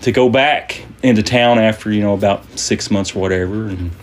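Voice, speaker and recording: A podcast host with a lowish voice chats and tells jokes casually at a normal speed, rambling with lots of fillers and restarts. There's slight background noise.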